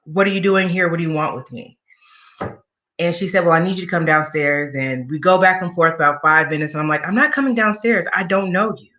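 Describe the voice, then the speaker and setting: A woman's voice: deep voice, fairly even intonation, brisk, bright, forceful tone, lo-fi sound. A woman in an interview recounting a personal story in a candid, conversational way with wry asides. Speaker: guest sharing a personal story.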